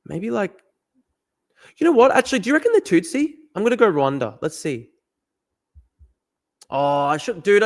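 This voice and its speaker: A man streaming a guessing game, thinking aloud, swearing and getting excited. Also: mid-range voice. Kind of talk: live-stream commentary while playing a guessing game.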